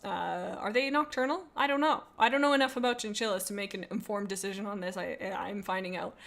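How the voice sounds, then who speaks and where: A woman's voice: medium pitch, quick pace, vocal fry, a bit bright. A woman streaming live in a loose, casual chat, reading out viewer comments. She talks in a playful, goofy way. Her sentences ramble and often stop short and start over with little asides. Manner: rambling and self-interrupting, with many restarts and asides.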